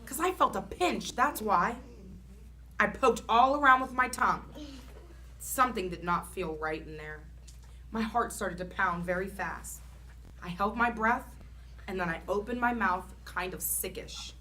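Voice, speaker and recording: A woman reading a children's chapter book aloud in an expressive, animated storytelling manner. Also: medium pitch, measured pace, a little hiss or hum.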